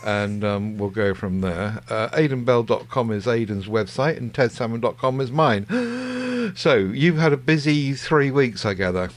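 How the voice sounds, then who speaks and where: A man's voice: mid-range voice, expressive, unhurried. A man co-hosting a podcast in casual chat, rambling with plenty of ums and restarts. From Wales. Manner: rambling, hesitant, many ums. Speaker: podcast co-host.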